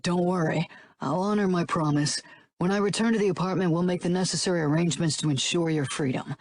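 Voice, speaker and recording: A woman's voice: on the low side, fast, darkish tone, a little hiss or hum, lightly acted. Lady doing a cold firm mafia boss guy, clipped lines, audiobook. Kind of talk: audiobook narration.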